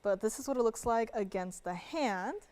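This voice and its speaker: A woman's voice: fairly high pitch, lively intonation, normal speed, a little mellow. Woman, live shopping-show host, chatty and giggly, talks through jewelry with lots of fillers. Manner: chatty, laughs often, many fillers. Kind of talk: live home-shopping presentation.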